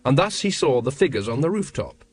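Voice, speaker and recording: A man reading a comic fantasy audiobook in a measured, wry manner. His voice sits at an ordinary middle pitch, recorded close and dry with no room sound. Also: big pitch swings, dry recording. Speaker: audiobook narrator. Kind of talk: scripted narration.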